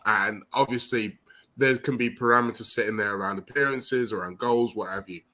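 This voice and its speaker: A man on a football podcast panel, talking through transfer news in a measured, analytical way. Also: lowish voice, pushed and bright. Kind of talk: casual football chat.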